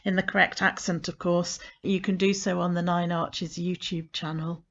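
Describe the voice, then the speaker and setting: A woman's voice: fairly low pitch, flat delivery, normal speed, highs cut off. A woman who directs a poetry collective reads a poem aloud expressively and then talks fondly and enthusiastically about it. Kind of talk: reflective spoken commentary on a poem.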